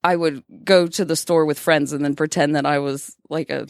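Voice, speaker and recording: A woman's voice: deep voice, steady tone, moderate pace, dry recording, studio quality. A woman in her thirties co-hosting a casual podcast, self-deprecating and laughing often. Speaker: podcast co-host.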